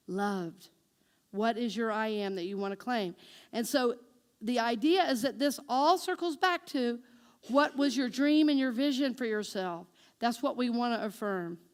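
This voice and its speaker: A woman minister delivering a sermon, asking her congregation questions and speaking affirmations slowly and deliberately. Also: a little high. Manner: engaging the congregation with call-and-response questions; slow, deliberate spoken affirmations.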